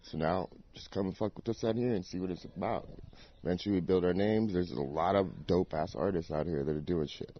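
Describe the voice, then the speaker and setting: Deep-voiced man in his forties, laid-back. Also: a little fast, a little hiss or hum. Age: 40s. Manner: laid-back, profane, rambling storytelling. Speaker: podcast guest, DJ. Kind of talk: casual chat. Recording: dull lo-fi podcast audio.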